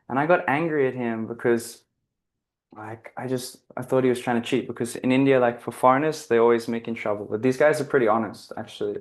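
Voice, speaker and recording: A man's voice: mid-range voice, steady tone, brisk. A man giving a casual, reflective spiritual talk, telling a personal story in an earnest, rambling way, often restarting his sentences and leaning on "like". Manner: earnest, rambling, self-correcting, heavy use of "like". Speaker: guest speaker on spiritual living.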